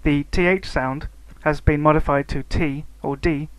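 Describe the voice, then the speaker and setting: A man reads a scripted educational narration in a slightly higher voice. He keeps a steady reading pace and slows down on the example words. The recording is dry and close, with no room sound. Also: smooth, no room sound, rough recording. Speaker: student narrator.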